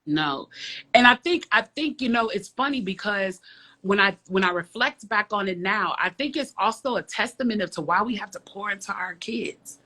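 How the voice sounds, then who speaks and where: Bright-voiced emphatic woman storyteller. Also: medium pitch, lively intonation, moderate pace. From south side of Chicago. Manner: emphatic, repeats phrases for effect, frank and profane. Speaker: guest. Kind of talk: casual interview chat, storytelling.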